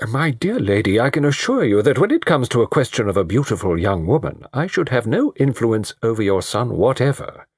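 A man voicing a mild, cautious middle-aged gentleman who speaks in measured, tactful tones. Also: mid-range voice, big pitch swings, slightly rough, no echo, clean studio sound, pitched above the performer's own voice.

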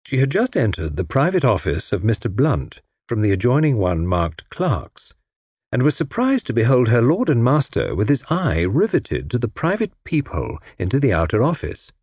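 Casting note: male narrator, husky, very lively inflection, dry studio sound. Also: mid-range voice, no echo. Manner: measured, expressive reading. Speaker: audiobook narrator. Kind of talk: scripted narration.

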